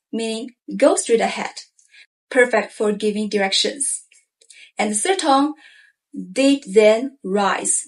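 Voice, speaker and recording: A woman, a teacher giving a clear, deliberate language lesson with repeated example phrases. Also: a little high, expressive. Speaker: Chinese teacher.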